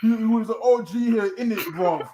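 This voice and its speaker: A man's voice: high-pitched, fairly quick, muffled recording, background noise, lightly acted. A man putting on a laid-back, slangy young male co-host in a mock accent. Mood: mock-casual.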